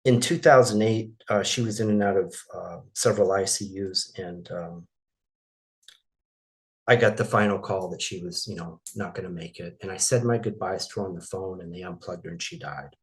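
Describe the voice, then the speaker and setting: A middle-aged Maine man whose voice sits low is an interview guest recounting something painful from his life. Emotion makes him halting, and he restarts many times.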